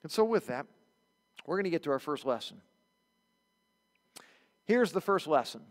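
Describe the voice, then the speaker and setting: A male pastor preaching a sermon in a church, telling the story with lively acted-out bits. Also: on the high side, normal speed, pauses often, long reverb tail. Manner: animated storytelling, acts out quotes. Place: church sanctuary.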